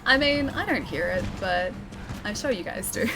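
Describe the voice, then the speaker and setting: A woman's voice: medium pitch, animated, normal speed. Chatty Australian woman streamer, music behind. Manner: chatty, laughs often, reads and answers chat. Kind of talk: casual live-stream chat while gaming.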